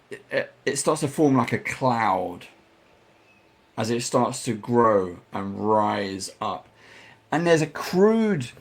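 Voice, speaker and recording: A man running a tabletop game as dungeon master, describing scenes slowly and adding sound effects. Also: medium pitch, vocal fry.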